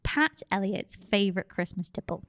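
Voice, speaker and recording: A woman's voice: mid-range voice, animated, moderate pace, fairly bright tone, dry recording. A British woman co-hosting a podcast, telling family stories in a casual chat and laughing often. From Britain. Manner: laughing storyteller. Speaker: podcast co-host.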